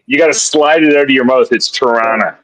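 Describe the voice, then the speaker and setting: A man on a live hockey betting show, chatting casually and excitably, often repeating his words as he starts a thought. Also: a little high, fast talker, poor audio. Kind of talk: casual live-stream chat.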